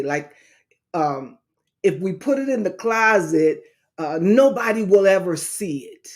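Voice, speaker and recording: A woman's voice: low voice, a little mellow. A woman hosting a talk show, speaking to her audience in a heartfelt, preacherly way about healing and her book. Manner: slow, preacherly, addresses listeners as baby and saints. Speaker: talk show host and author.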